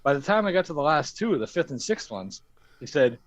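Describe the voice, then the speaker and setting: A fairly high-pitched man speaks fairly quickly, telling a crude story on a casual stream with swearing and acted-out quotes in an animated style. It's a dry recording with the highs cut off.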